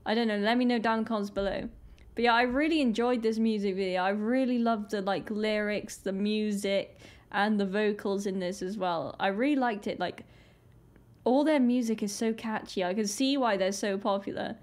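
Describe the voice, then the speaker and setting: A young British woman with a British accent, hosting a casual reaction vlog, chatty and excitable with many "like" fillers. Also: medium pitch, normal speed. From Britain. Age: young adult. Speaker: reaction video host. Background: faint music video playing.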